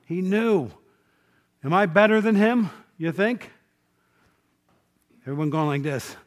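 A male preacher leads a relaxed Bible class in a slightly high voice, chatting with his listeners and throwing questions back at them. He acts out the quotes he tells, and on key points he drops to a low, quiet voice. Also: slow pace, long pauses. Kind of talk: informal Bible class sermon.

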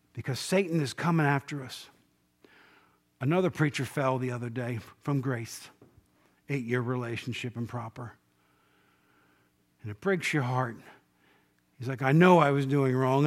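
A male preacher giving an informal Bible class sermon, talking conversationally, asking the class questions and acting out quotes, dropping to a low, quiet voice on key points. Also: measured pace, long pauses.

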